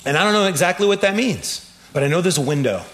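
A man preaching a sermon, telling stories in an animated way with laughs and shouts. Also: high voice, quick pace. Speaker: pastor.

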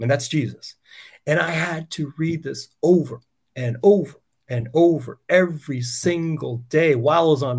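Animated man preaching personal testimony. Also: on the high side. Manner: animated, conversational, many rhetorical questions.

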